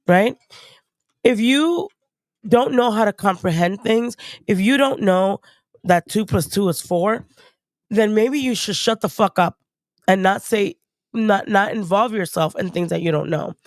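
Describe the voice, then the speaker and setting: Speaking at a measured pace with long pauses, a young woman with a mid-range voice chats casually as a guest on a stream, without echo. Her storytelling is animated, blunt, and profane, and she's still recovering from a cold.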